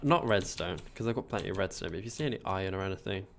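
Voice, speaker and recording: A man's voice: sits low, expressive, very fast, gravelly, slight background noise. A man with a posh English accent, chatting casually on a gameplay livestream, rambling and reading out chat as he builds. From England.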